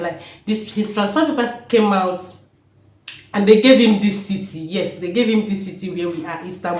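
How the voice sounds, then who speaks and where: A woman vlogs from inside her home, speaking emotionally and joyfully and repeating her words. Her voice is mid-range, and the recording is rough and reverberant.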